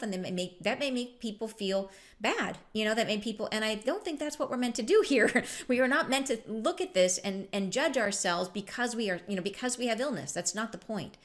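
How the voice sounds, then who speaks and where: A woman spiritual teacher giving a relaxed, reflective talk with a chatty, often laughing manner. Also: medium pitch.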